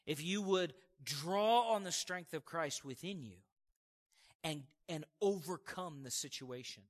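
A man's voice: fairly high pitch, animated, a little slow, in a large hall. A man preaching a sermon in an emphatic, conversational way, with casual asides to the congregation.

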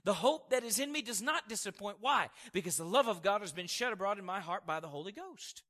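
A man's voice: high voice, expressive, a little fast, sharp tone, long reverb tail. A man preaching a sermon in an emphatic, conversational way, with casual asides to the congregation.

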